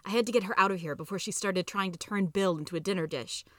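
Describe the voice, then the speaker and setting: A woman reading a story aloud as the regular narrator of a podcast, in steady, plain narration. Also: mid-range voice, quick pace, dry recording, studio quality. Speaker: podcast reader.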